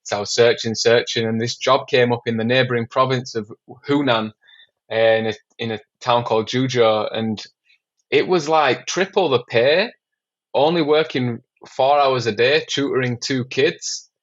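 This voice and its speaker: A man from England, a documentary filmmaker, guesting on a podcast and telling stories in an animated, casual way, swearing a lot and often saying "man". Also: mid-range voice, moderate pace, muffled recording. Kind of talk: casual storytelling.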